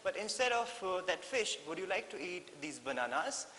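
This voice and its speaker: A man's voice: high voice, very animated, normal speed, bright, forceful tone, exaggerated voice. A man voicing a large, cheerful macaw that greets travellers effusively, in an echoey hall with a faint hiss. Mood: welcoming. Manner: friendly and effusive.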